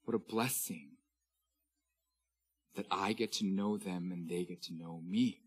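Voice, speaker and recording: A man in his thirties, a pastor preaching a sermon, reading scripture slowly and with emphasis. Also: low-pitched, husky, faint music behind.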